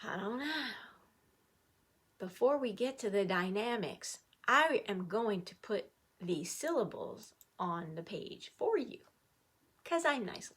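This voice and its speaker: A middle-aged woman teaching an online music lesson to children, playful and animated, cheering the class on. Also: mid-range voice, slow, breathy edge.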